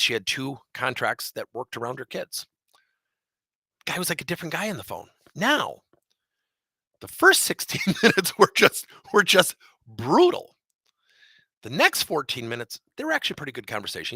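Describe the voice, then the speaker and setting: Man, leadership coach, animated storytelling, lively swooping pitch, bright gravelly voice, dry close sound. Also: fairly quick, no room sound. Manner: animated storytelling with acted-out dialogue. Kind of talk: webinar training session.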